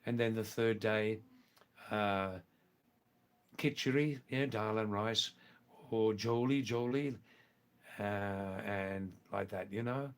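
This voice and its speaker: An older man, hosting a live stream and chatting with viewers in a relaxed, unhurried way. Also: fairly low pitch, clean tone. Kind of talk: casual live-stream chat reading viewer comments.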